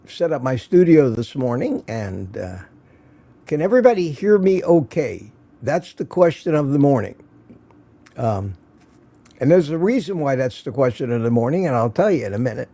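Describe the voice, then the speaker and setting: Gravelly and mellow, this mid-range male voice belongs to a man hosting an easygoing morning livestream from his home studio. He greets viewers by name and reads out their comments, keeping things chatty and full of jokes.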